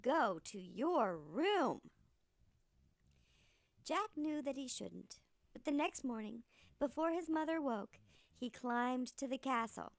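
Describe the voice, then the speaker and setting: A woman reads a fairy tale aloud in a theatrical storyteller style. Her fairly high voice swoops widely and carries a gravelly edge, and the recording is close and dry. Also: measured pace, dry recording. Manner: animated, theatrical reading.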